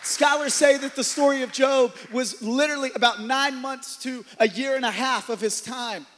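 A man preaching a sermon as pastor, swinging from loud, driven passages to hushed ones. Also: very high-pitched, moderate pace. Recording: long hall reverb.

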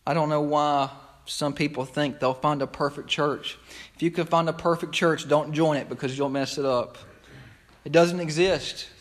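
Impassioned preacher man, fairly high voice. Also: steady tone, moderate pace. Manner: impassioned, repetitive, conversational preaching. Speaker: pastor. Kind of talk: sermon. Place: church sanctuary.

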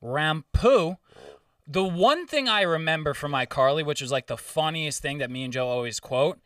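A man's voice: a little high, moderate pace, dry recording, studio quality, far from the mic. A young man co-hosting a casual podcast chat, telling stories with lots of jokes and swearing. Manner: joking, profane, animated storytelling. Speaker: podcast co-host.

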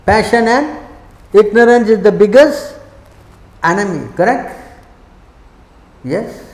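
A man delivers a sermon-style spiritual class in a temple hall, his voice sitting high for a man. He is emphatic and keeps pressing his listeners with short rhetorical questions. The room is echoey, and each phrase trails off in a long reverb. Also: lively intonation, takes it slowly, darkish tone. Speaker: spiritual teacher giving a class.

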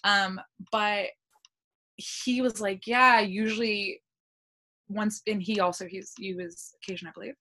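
A bright-voiced American woman with a mid-range voice, a language content creator appearing as a podcast guest, chats casually in an interview. She tells stories in a lively way, with quick laughs and acted-out dialogue.

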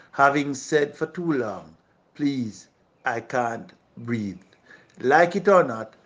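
A man giving a scripted sermon reflection, measured and solemn, building on a repeated refrain. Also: mid-range voice, highs cut off. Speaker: preacher.

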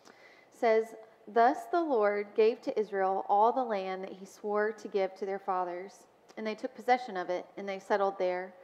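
A woman's voice: mid-range voice, fairly even intonation, moderate pace. A woman sharing a personal testimony in church, speaking in a storytelling way with frequent ums. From Mobile, Alabama. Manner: warm storytelling with frequent ums and soft laughs. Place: church sanctuary. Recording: dull sound with long church reverb.

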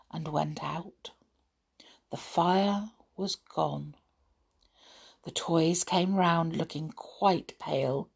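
A woman reading a children's story aloud, expressive, with dramatic gasps. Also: sits low, drawn-out words, creaky, pauses often, slightly rough.

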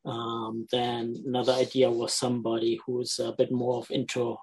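A man's voice: medium pitch, monotone, moderate pace, darkish tone, husky, low-quality recording. A man chatting casually as a tabletop player, stammering a bit while thinking aloud. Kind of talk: casual chat.

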